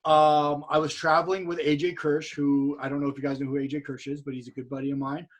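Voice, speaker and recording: Casting: guy, husky voice a little high, swears freely, rambling excited storyteller, video call. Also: quick pace. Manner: profane, excitable anecdote-telling. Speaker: podcast guest. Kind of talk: casual storytelling.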